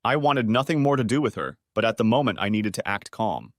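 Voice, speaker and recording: A man's voice: fairly low pitch, very animated, fairly quick, no echo, studio quality. A man narrating a first-person story in a bitter, vengeful manner.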